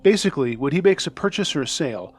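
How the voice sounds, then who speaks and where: A man narrating true scary stories as the host of a horror story show, reading in a measured, steady voice. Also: a little high, slightly rough.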